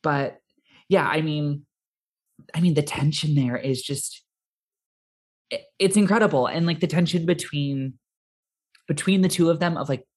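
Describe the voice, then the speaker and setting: A casual podcast co-host rambles through thoughts about a film, stacking fillers and restarts. The voice sits at an ordinary middle pitch. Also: unhurried, long pauses. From America. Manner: rambling, full of "like", animated quoting.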